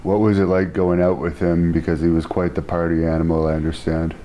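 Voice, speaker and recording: A man's voice: low voice, little pitch movement, fairly quick, mellow. A man hosting an interview, asking short direct questions. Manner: brief, asks direct questions.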